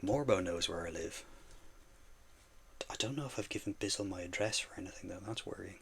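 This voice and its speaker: A man's voice: sits low, fairly quick, creaky, a bit bright, slightly rough. A man streaming while he paints miniatures, chatting casually and teasing his viewers playfully.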